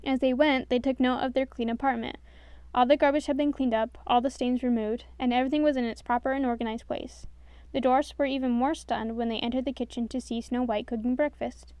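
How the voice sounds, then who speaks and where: Give me a woman with a slightly high voice reading a storybook aloud. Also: a little fast, clear, resonant tone, dry recording. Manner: expressive, does all voices. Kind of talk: storybook narration.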